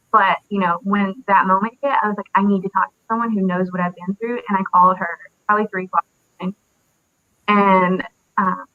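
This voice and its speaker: A young woman in her twenties, an interview guest, recalls a painful loss in a halting way, with many fillers and pauses. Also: medium pitch, dry recording. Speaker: interview guest, military widow. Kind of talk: emotional personal recollection. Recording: dry tinny phone-like audio.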